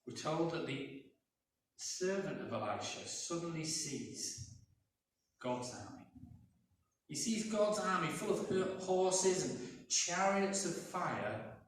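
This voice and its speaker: A man's voice: a little high, slight background noise. A man preaching a sermon as pastor, telling a story in a conversational way and acting out voices. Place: church, indoors. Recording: echoey church from a distance.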